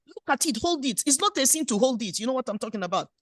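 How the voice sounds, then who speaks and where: Middle-aged woman pastor, high voice, dry close sound, playful and exhorting. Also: big pitch swings, quick pace, dry recording. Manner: playful, exhorting preacher who acts out little scenes. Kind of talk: sermon.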